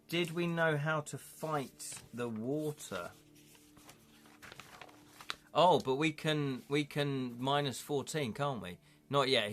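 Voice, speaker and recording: A man with a medium-pitched, slightly bright voice plays a gamebook in a live stream, reading its passages aloud and thinking aloud with his viewers, mixing narration with chat.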